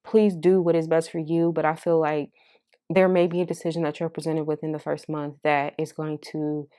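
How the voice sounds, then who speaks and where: A woman with a notably low, deep voice reads tarot cards for her audience. She talks in a casual, heartfelt and candid way and swears freely. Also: little pitch movement, normal speed, dark tone, clean tone. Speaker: tarot card reader. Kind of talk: casual pick-a-card tarot reading.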